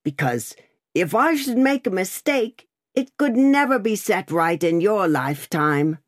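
A woman voicing a gruff, suspicious male coach guard who barks threats and challenges, in an audiobook. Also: low-pitched, animated, measured pace, a little mellow. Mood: threatening. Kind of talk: audiobook character voice.

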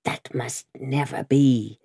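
A woman reading aloud, voicing a cruel male revolutionary juror with a croaking voice and slow, relishing delivery. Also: extremely low pitch, steady tone, dark tone, dry recording, studio quality, exaggerated voice. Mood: gloating.

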